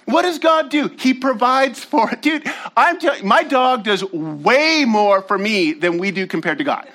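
A man's voice: extremely high pitch, expressive, normal speed, sharp tone. A man preaching as a pastor, telling a casual story with slangy asides to his congregation before turning to his teaching. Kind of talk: sermon.

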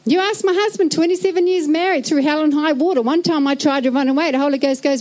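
A middle-aged woman with a New Zealand accent preaching a sermon in a lively, joking way, acting out little scenes. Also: high voice, quick pace, poor audio. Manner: animated, jokey, acts out little scenes.

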